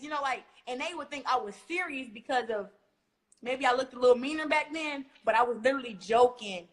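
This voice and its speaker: A young woman from Flint speaks in a relaxed interview, her voice sitting a little high. She tells stories with energy and acts out what other people said. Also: brisk. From Flint, Michigan, USA. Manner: animated storytelling, acting out quotes. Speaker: guest boxer. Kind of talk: casual interview talk.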